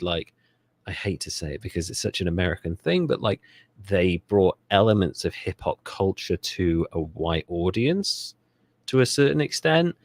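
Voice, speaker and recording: Low-voiced man, lively and joking. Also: no room sound. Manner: animated, joking, swears freely. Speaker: podcast co-host. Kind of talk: casual comedic history chat.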